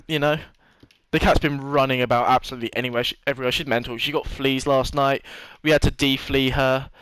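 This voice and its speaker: A man's voice: medium pitch, a bit bright, smooth, no echo, low-quality recording. A young man telling a long rambling story to his vlog audience, swearing freely and laughing often. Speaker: vlogger. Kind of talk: casual storytelling monologue.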